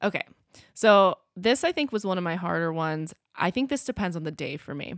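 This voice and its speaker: A woman co-hosting a podcast in casual chat, animated and self-deprecating. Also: on the low side, fairly quick, dry recording, clean studio sound. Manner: animated and self-deprecating, laughs between phrases. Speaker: podcast co-host.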